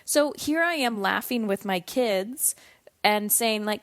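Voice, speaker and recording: A woman's voice: medium pitch, lively intonation, slow pace, fairly bright tone. A woman in her thirties hosting a motivational podcast for mothers, talking bluntly, swearing freely and acting out the voices she quotes. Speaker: podcast host and coach for mothers. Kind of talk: motivational solo podcast talk.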